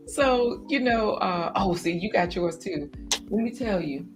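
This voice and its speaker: A woman hosting a garden livestream in casual chat, animated and chatty, breaking into laughter often. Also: medium pitch.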